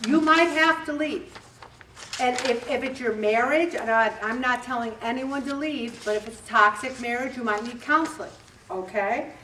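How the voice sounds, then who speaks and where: A woman's voice: a little high, normal speed, pushed and bright. A woman in her seventies leading a group talk, chatty and direct, often acting out little conversations to make her point. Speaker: group leader speaking to a weight loss group. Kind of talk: casual motivational talk. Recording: roomy, distant, faint background hum.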